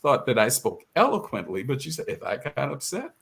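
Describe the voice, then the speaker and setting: An older man from the South Carolina Sea Islands, speaking in a measured, thoughtful way in an interview. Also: mid-range voice, wildly swooping pitch, creaky, a bit bright, a little hiss or hum. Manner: measured, thoughtful, with hesitant restarts. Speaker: guest author. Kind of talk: reflective interview conversation.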